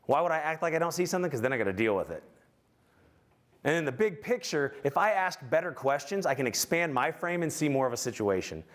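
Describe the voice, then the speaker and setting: Man, keynote speaker, lively swooping pitch, slightly high voice, storytelling, quizzes the crowd. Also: fast talker. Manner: animated storytelling with audience questions; self-mocking, acts out his own anger. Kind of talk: motivational keynote talk.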